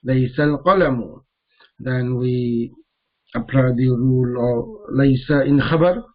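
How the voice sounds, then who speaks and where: A man teaching a grammar lesson, repeating each Arabic term slowly as he mixes it into English explanations. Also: medium pitch, highs cut off.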